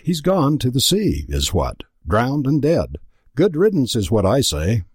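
A man's voice: mid-range voice, wildly swooping pitch, unhurried, slightly rough, no room sound, clean studio sound, pitched above the performer's own voice, exaggerated voice. A man voicing a crude, lewd middle-aged guard captain in a storybook reading, talking in a coarse, gloating way. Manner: coarse, leering.

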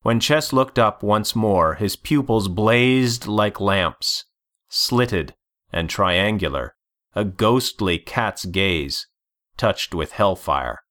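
A man reading a story aloud as narrator, deliberate and measured. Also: lowish voice, animated, a bit bright. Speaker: audiobook narrator. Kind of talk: scripted narration.

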